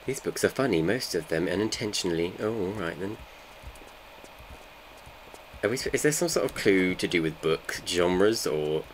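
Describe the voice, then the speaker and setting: Deep-voiced man, joking streamer. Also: animated, normal speed, pauses often, a little hiss or hum. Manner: joking, bantering with chat. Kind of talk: casual live gameplay chat.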